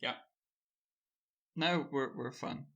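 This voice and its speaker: A man co-hosting a podcast, running through news in a relaxed, rambling way and laughing easily. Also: medium pitch, takes it slowly. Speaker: podcast co-host. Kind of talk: casual news chat.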